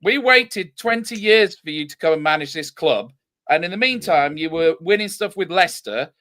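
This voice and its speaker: Animated high-voiced football fan man. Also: moderate pace. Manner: animated, rambling with restarts. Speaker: fan channel co-host. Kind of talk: casual football fan chat.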